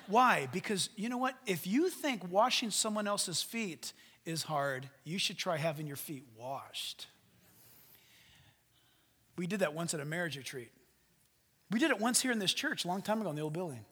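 A man pastor giving a sermon, telling a humorous story and swinging between loud preaching and hushed asides. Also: sits high, lively intonation, moderate pace, slightly rough. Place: church sanctuary stage. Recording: long hall reverb.

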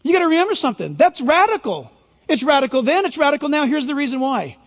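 A man's voice: very high voice, sing-song, fast. A male pastor preaching a sermon, emphatic and full of rhetorical questions. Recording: reverberant hall, dull lo-fi sound.

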